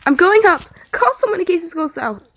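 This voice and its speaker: A woman voicing a distraught young man who pleads through tears, his voice climbing high and breaking. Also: measured pace, creaky, darkish tone, full character voice. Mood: shouting.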